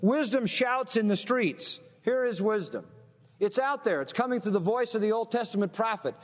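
A man's voice: sits high, expressive, moderate pace, long reverb tail. A man preaching a sermon, emphatic, often throwing rhetorical questions at his listeners. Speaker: pastor.

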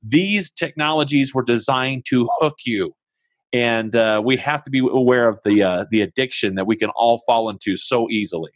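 A man's voice: mid-range voice, moderate pace. A man hosting a conversational interview. He sounds enthusiastic as he prompts his guest with questions and asks him to tell stories.

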